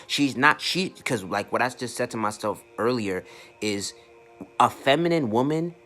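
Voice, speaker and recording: A man coaching on online marketing speaks in a loose, unscripted rant. His talk is blunt and full of swearing, and he often stumbles over repeated words as his thoughts run ahead. His pitch sits in the ordinary middle for a man. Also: animated, a little slow, pushed and bright, faint music behind. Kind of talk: casual to-camera rant.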